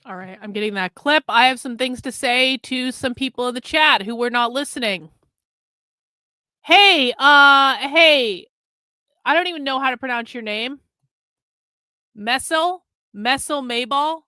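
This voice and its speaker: A woman's voice: fairly high pitch, moderate pace, pushed and bright, clear, resonant tone, no room sound. A woman hosting a livestream, bluntly scolding viewers in the chat with heavy profanity. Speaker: livestream host.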